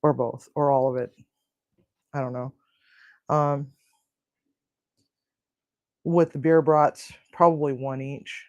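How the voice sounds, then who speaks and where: A woman's voice: extremely low pitch, steady tone, slow, pauses often, no echo, lo-fi sound. Chatty woman cooing at her pets. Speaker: home cooking show host. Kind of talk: casual cooking and pet chat.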